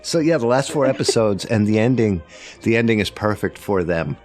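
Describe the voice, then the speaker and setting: A man co-hosting a podcast in casual chat, an animated storyteller who jokes and slips into voices. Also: fairly low pitch, normal speed, soft background music. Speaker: podcast co-host.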